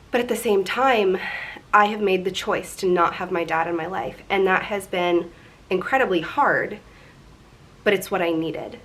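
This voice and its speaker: A woman's voice: medium pitch, normal speed, a bit bright. A woman in her twenties talking candidly and emotionally in a personal confessional vlog, rambling a little as she goes. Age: 20s. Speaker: vlogger.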